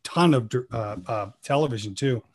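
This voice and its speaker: A man guest actor telling lively stories and acting out quoted lines, with an improv comedy background. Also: medium pitch, moderate pace, husky. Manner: animated, acts out quoted lines with laughs. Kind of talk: casual storytelling.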